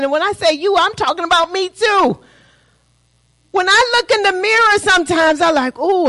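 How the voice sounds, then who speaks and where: High-voiced woman preaching a sermon. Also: fairly bright tone, rough recording. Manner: call-and-response preaching, rhetorical questions.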